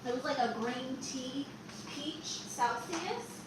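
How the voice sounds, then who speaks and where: A chatty woman hosts a casual live stream, reading out viewer comments and replying to each one. Her voice sits a little high. She talks loosely and conversationally. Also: takes it slowly, very noisy. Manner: chatty, reads viewer comments aloud and answers them. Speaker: livestream host.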